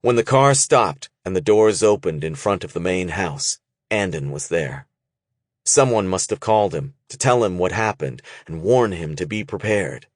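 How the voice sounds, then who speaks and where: In a measured, expressive reading, a man narrates an audiobook from a script. His voice is low, and the recording is dry with clean studio sound.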